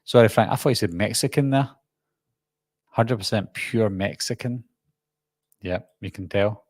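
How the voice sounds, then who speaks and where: A man's voice: on the low side, moderate pace, pauses often, a little mellow, no room sound, studio quality. A Scottish man hosting a live-stream Q&A, chatting in a rambling, self-deprecating way. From Scotland. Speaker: horror channel host.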